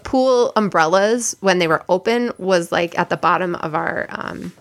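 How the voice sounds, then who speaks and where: Young woman, podcast co-host, gravelly edge, chatty storytelling, lots of "like". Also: lowish voice, measured pace. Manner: chatty, many "like" fillers. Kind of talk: casual chat, storytelling.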